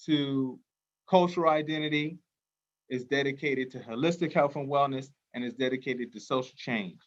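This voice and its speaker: A man who hosts a community festival, leading a call-and-response chant with quiet answers, then speaking with earnest passion and many fillers. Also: medium pitch, highs cut off. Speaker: festival organizer and host. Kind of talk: libation call-and-response, then heartfelt talk.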